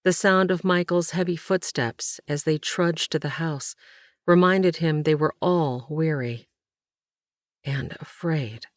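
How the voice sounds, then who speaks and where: A woman narrating a historical novel as an audiobook, measured and even, on a close studio mic. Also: sits low, no echo. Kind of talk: scripted narration.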